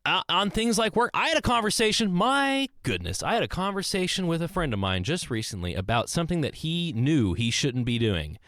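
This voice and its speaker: A young man talks through his thoughts in an earnest, rambling solo podcast, often circling back and restarting. His somewhat high voice rises and falls a great deal. The sound is dry and close, with no room echo. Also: big pitch swings, fairly quick, few pauses, a bit bright. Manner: earnest, rambling, with many restarts and swings in pitch. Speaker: podcast host. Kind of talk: casual solo monologue. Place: small closet.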